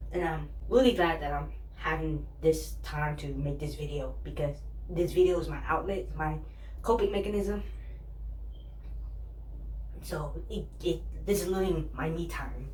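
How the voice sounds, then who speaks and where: A woman's voice: low voice, a little mellow. A young woman and student telling candid, rambling personal stories in a vlog, laughing at herself. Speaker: vlogger, student. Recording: roomy, distant, faint hum.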